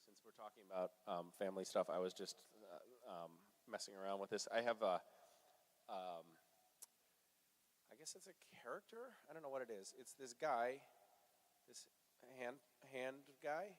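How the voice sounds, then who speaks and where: A man answering fan questions at a convention panel in a loose, playful way, laughing often and filling pauses with ums. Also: fairly low pitch, lively intonation. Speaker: actor, convention panel guest. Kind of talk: joking convention Q&A chat.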